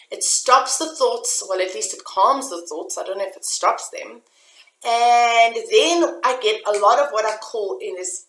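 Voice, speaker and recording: Earnest bright-voiced woman in an echoey room. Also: fairly high pitch. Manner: earnest and confessional, speaks directly to the listener. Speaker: self-help vlogger. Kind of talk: personal motivational talk to camera.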